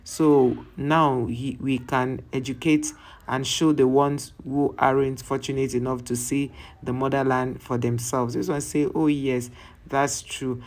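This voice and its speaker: A reaction channel host reading viewer comments aloud, often restarting words mid-sentence and adding relaxed, conversational asides between them. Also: mid-range voice, a little slow.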